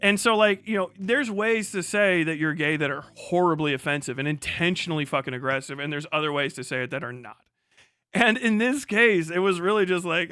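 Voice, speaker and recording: Bright, high-voiced profane male streamer. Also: brisk, smooth, no room sound, clean studio sound. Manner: profane, laughing, animated. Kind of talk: casual live-stream commentary.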